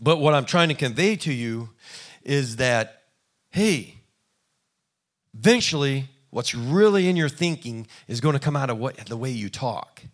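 A man's voice: mid-range voice, lively intonation, measured pace. A man preaching a sermon in a conversational, folksy way, acting out little quoted exchanges. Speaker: pastor.

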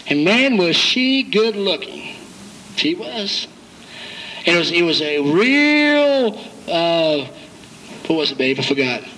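A man's voice: sits high, big pitch swings, takes it slowly, pauses often, pushed and bright, a little hiss or hum, rough recording. An older man, a pastor, preaching a folksy sermon, cracking jokes and acting out quotes from his flock. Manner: folksy, jokey preaching with acted-out quotes and chuckles.

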